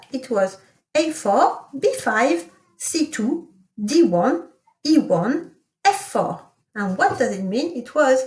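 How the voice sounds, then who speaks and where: A woman teaching a recorded lesson, sounding out model sentences slowly and carefully. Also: high voice. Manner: slow, careful enunciation of French model sentences. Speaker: French teacher. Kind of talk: recorded remote language lesson. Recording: echoey room.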